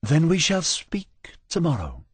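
A man's voice: fairly high pitch, wildly swooping pitch, measured pace, husky, dry recording, voice pushed up, exaggerated voice. A man voicing a graceful, lustrous female robot. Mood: courteous. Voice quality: lustrous, melodic. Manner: formal, courteous.

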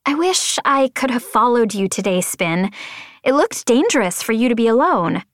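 A woman's voice: fairly high pitch, animated, moderate pace, no echo, clean studio sound, pitched above the performer's own voice, lightly acted. A woman voicing an eager, earnest young female pilot who talks in a keen, breathless way.

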